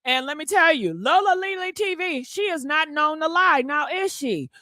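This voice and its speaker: A woman's voice: high voice, lively intonation, moderate pace, bright, forceful tone, no echo, clean studio sound. A woman hosting a gossip livestream, talking sassily and directly to her viewers and calling them honey. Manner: sassy, talks straight to viewers, calls them honey. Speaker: gossip show host. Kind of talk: casual livestream gossip chat.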